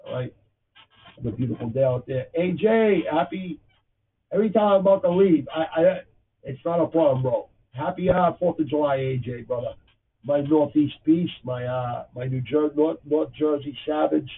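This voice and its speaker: Gravelly Boston man, tinny audio. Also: fairly high pitch, moderate pace, recorded from a distance. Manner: blunt, profane, rambling. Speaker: podcast host. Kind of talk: casual livestream chat. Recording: tinny phone-like audio with faint noise.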